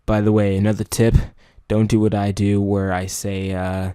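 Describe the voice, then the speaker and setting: A young man giving casual video-making tips, rambling and correcting himself, sometimes mumbling and then jumping into loud high-pitched bursts. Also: monotone, moderate pace, clean tone, dry recording, studio quality. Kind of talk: casual unscripted chat.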